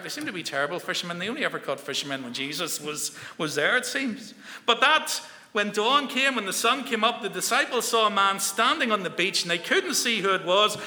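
A man tells a Bible story to a room of boys, stopping to ask them questions along the way. His voice is high and bright. The sound carries the long reverb of a large hall. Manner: storytelling, asks the listeners questions. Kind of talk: children's Bible talk.

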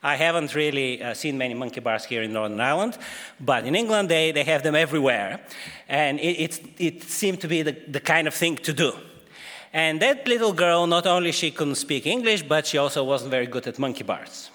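A man's voice: fairly high pitch, animated, brisk, fairly bright tone, big-room sound. A man preaching a sermon in a church, speaking hesitantly with many fillers.

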